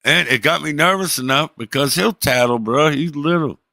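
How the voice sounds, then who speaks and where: A middle-aged man streaming, telling a story in a profane, animated way and acting out the people in it. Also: fairly high pitch, moderate pace, gravelly, dry recording, clean studio sound. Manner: profane, animated, acts out the people in his stories. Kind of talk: casual storytelling.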